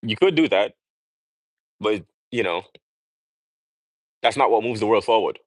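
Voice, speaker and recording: Man from Jamaica, livestream host, emphatic and preachy, rhetorical questions, lowish voice, dry close sound. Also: lively intonation, measured pace, dry recording, low-quality recording. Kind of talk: casual livestream monologue.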